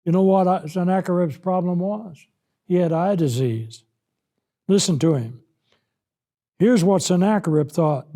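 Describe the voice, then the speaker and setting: A man's voice: high voice, expressive. A man preaching a Bible lesson, emphatic, reading scripture aloud and acting out the words of God with rising force. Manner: slow, emphatic, rises loud when voicing God.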